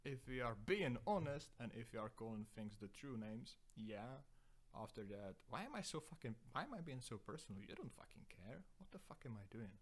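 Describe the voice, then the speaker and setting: A man's voice: mid-range voice, sing-song, fairly quick. A young man hosting a solo podcast, rambling through profane, self-deprecating digressions. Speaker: podcast host.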